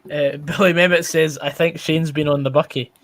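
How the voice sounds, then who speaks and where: A Scottish man on a casual live football stream who keeps reading out viewer comments and scores from other games. He speaks in a slightly high voice. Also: steady tone, moderate pace, fairly bright tone. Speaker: co-host of a live football watch-along. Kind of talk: casual live match chat.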